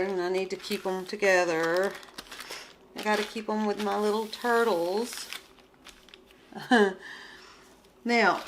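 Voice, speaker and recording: A woman talks slowly and unhurriedly as she unboxes gemstones, gushing over each one and chatting straight to her viewers. Her pitch sits in a middle range, and plastic bags crinkle faintly in the background. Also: fairly bright tone, slight background noise. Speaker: gemstone and craft seller. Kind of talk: casual unboxing vlog.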